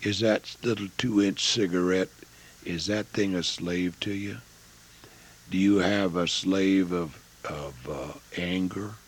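An older man preaching a sermon, folksy, swinging between loud rises and hushed near-whispers. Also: sits low, steady tone, slow, husky.

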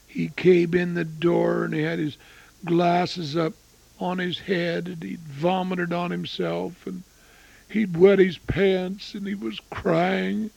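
An older man preaching an evangelistic sermon and telling his own testimony, swinging between booming and hushed. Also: level tone, takes it slowly, creaky, no echo, highs cut off.

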